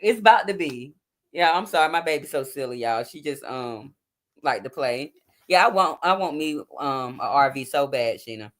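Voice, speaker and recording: A woman's voice: rumbling low, moderate pace, a bit bright. A woman in her forties hosting a casual livestream from home at night, chatting informally and talking straight to her viewers. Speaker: livestream host. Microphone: phone or webcam.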